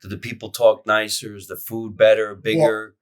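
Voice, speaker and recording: A man from New Jersey hosting a casual interview, firing off quick questions. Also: fairly low pitch, completely flat delivery, smooth. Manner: asks quick rapid-fire questions. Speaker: host.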